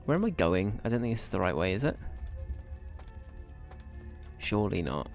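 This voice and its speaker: A man's voice: lowish voice, very animated, moderate pace, creaky, soft background music. A man streaming a video game, thinking aloud in a casual manner and swearing now and then. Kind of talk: live gameplay commentary.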